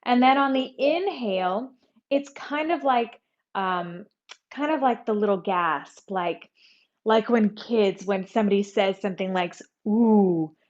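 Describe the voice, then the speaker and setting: A woman teaching a yoga class, giving calm, conversational instructions and breathing cues. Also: medium pitch, a little slow, dull audio.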